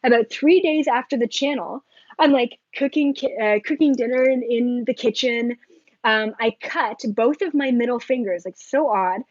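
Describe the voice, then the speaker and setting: A woman with a fairly high voice rambles excitedly to her viewers, her talk full of filler likes and quick asides. The sound is dry and a little dull, with no room around it. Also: no room sound. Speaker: spiritual vlogger. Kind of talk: casual monologue to viewers.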